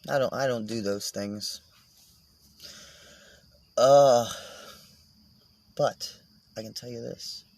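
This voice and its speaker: A man's voice: mid-range voice, slow, long pauses, a little mellow. A man vlogging in a casual, meandering monologue, swearing and joking as he goes.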